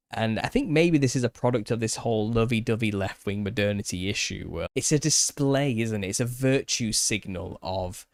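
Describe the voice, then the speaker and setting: A man's voice: fairly low pitch, vocal fry, no echo. A man in his thirties, a content creator, ranting passionately on camera, often repeating and restarting himself as he gets riled up. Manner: impassioned, repetitive, restarts when riled. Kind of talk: opinionated solo rant.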